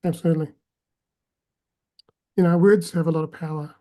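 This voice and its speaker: Woman on a podcast, low voice, thoughtful, lots of little uhs. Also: fairly even intonation, normal speed. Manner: reflective, with soft hesitations. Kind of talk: casual podcast chat.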